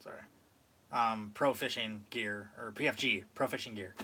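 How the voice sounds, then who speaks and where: A young podcast host from Michigan, USA rambles through a story in a casual chat, using "like" frequently. He speaks at a normal pace with a lowish, steady, sharp-toned voice.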